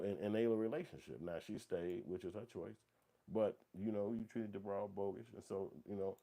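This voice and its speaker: Brief: a deep, mellow male host, rambling and emphatic with casual commentary. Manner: rambling, emphatic, profane, repeats "you know what I'm saying". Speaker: morning show host.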